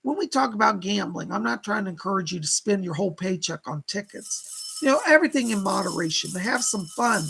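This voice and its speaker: A man's voice: sits high, lively intonation, brisk, vocal fry, pushed and bright, slightly rough, poor audio. A man hosting a live stream as a psychic reader, chatting casually, reading out viewer comments and laughing often.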